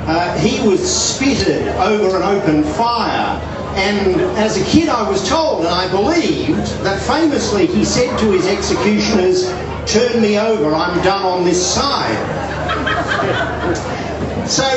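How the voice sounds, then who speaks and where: Australian man speaking to a loud crowd. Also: high voice. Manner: wry, anecdotal storytelling. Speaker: union organizing director. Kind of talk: speech to an outdoor crowd. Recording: echoey, distant mic with loud crowd.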